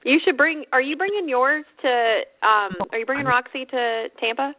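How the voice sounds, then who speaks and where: A woman's voice: sits high, normal speed, a little hiss or hum. A woman co-hosting a motorcycle radio show, chatting casually and laughing often. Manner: giggly and chatty. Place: Sarasota. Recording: phone-like narrow band, dry.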